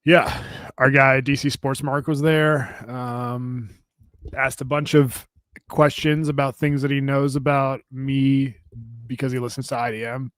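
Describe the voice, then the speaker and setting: A man's voice: mid-range voice, level tone, unhurried, dry recording. A man co-hosting a podcast in casual chat, rambling and self-deprecating, sounding tired. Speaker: podcast co-host.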